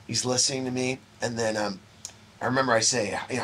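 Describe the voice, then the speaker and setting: A middle-aged man spins a rambling anecdote in a relaxed interview. He slips into the voices of the people he quotes and swears casually along the way. A faint hiss of noise sits under the recording. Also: medium pitch, quick pace. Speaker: interview guest. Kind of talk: casual storytelling.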